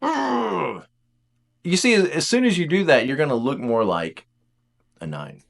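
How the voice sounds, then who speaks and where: A man teaching in a casual lecture style, animated and jokey, acting out little voices as he goes. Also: mid-range voice, moderate pace.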